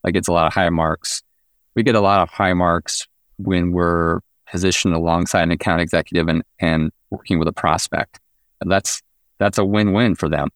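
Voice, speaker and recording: A man's voice: deep voice, no room sound, studio quality. A man, a company founder, answering as a guest on a business podcast and sometimes acting out quoted exchanges. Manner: animated, acts out quoted exchanges.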